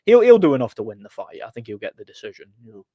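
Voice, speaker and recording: A man's voice: medium pitch, very animated, very fast, warm tone, dry recording. A man hosting a casual livestream and answering chat questions, rambling with lots of repeated words and fillers.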